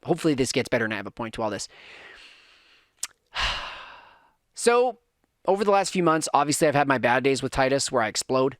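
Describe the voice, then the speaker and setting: A man's voice: medium pitch, animated, a little fast, pauses often, no echo, studio quality. A man in his thirties hosting a podcast, telling a rambling, self-correcting story in a casual rant that acts out his kids' voices. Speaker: podcast host.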